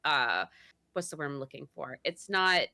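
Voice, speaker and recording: A young woman in casual podcast chat, her voice bright and lively as it swings up and down. She is animated and laughs easily, often pausing to hunt for the right word. Her voice sits a little low for a woman. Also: creaky. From Italian-American heritage. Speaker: guest host.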